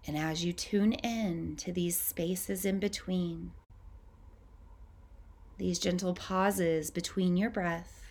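Female host, calm unhurried meditation guide, slightly low voice, long soft pauses. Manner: slow, gentle, soothing guidance with long pauses. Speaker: podcast host leading a breathing practice.

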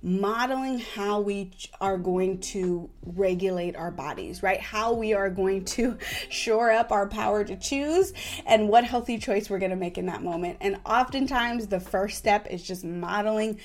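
A woman in her thirties hosting a parenting talk, animated and casual, who keeps checking in with "right?". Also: mid-range voice, unhurried. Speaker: parenting podcast host.

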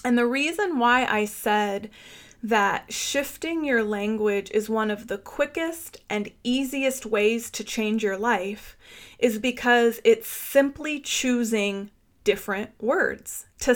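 A woman's voice: a little high, slow. A woman hosting a mindfulness podcast, speaking in an earnest, emphatic, motivational way and stretching words out for emphasis. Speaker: podcast host.

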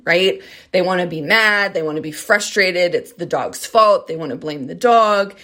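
A woman in her thirties, a dog trainer hosting her own podcast, talking earnestly and conversationally to listeners and often checking in with "right?" and "okay?". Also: on the low side. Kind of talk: solo podcast monologue.

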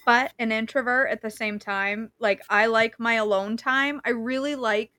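A woman's voice: on the high side, steady tone, moderate pace, sharp tone, dry recording, clean studio sound. A woman hosting a casual chat, chatty and laughing easily. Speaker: podcast host.

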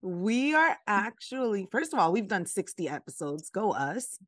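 A woman co-hosting a casual faith podcast over a remote call, animated and laughing often. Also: medium pitch, moderate pace, dry recording. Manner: animated, laughing, drawling "y'all". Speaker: podcast co-host.

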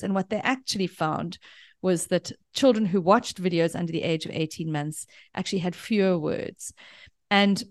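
A woman's voice: lowish voice, no echo. Woman, parenting expert guest, long explanations with examples, dry close sound. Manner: explains at length with examples and analogies. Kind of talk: explanatory interview answers.

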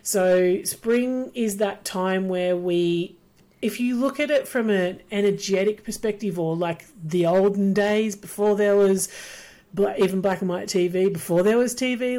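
A woman's voice: mid-range voice, mellow. A middle-aged woman, rambling cheerfully through a solo podcast for educators. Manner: chatty, rambling, upbeat. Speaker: podcast host, business coach for educators. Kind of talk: casual solo podcast monologue.

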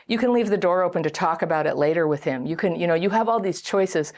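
A middle-aged woman talks straight to her viewers about dating and trauma. Her voice sits fairly low, and her delivery is loose and conversational. She brings the advice to life by acting out the voices of others. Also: fast talker. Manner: chatty, animated, acts out quoted voices. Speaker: relationship and trauma advice host. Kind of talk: casual direct-to-camera advice talk.

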